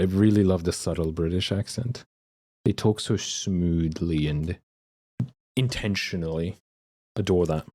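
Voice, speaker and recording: A young man livestreaming, chatting casually and excitably with viewers and reading chat aloud. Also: fairly low pitch. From Australia.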